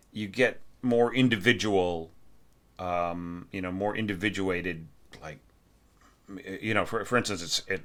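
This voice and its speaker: A man with a low voice and a bright, forceful edge talks through a student's orchestration. He thinks aloud with many fillers, often sings the lines as "da da da," and keeps checking in with "right?". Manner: frequent fillers and restarts, encouraging but direct. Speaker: orchestration teacher. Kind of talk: spoken feedback lesson on a score.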